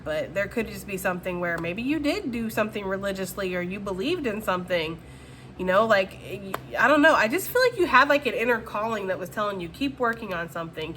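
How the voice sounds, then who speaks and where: A woman's voice: medium pitch, fairly bright tone, slight background noise. A woman giving a casual, chatty tarot reading and addressing her viewers directly. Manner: chatty, full of fillers. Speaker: tarot reader.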